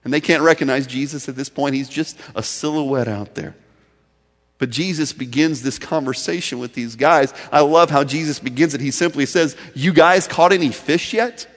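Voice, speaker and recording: A male pastor preaching a sermon in a storytelling way, swinging from loud emphasis to soft, intimate delivery. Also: medium pitch, normal speed, in a large hall.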